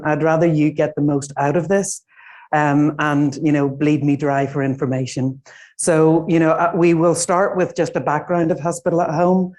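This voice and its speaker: A woman's voice: deep voice, steady tone, normal speed, a little mellow. A middle-aged Irish woman giving a conference presentation in a small room, speaking informally with many fillers. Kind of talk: conference talk.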